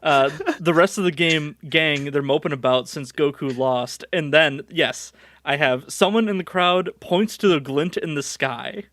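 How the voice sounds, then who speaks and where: A man's voice: on the high side, a little slow, fairly bright tone, dry recording, clean studio sound. A male podcast host chatting casually, recapping scenes and laughing often as he goes. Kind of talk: casual watchalong chat.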